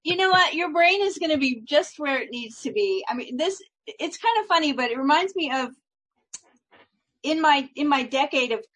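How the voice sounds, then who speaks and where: A woman's voice: high-pitched, expressive, normal speed, a bit bright, poor audio. A middle-aged woman, a life coach, chatting in an upbeat, reassuring way and laughing often. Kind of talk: casual chat.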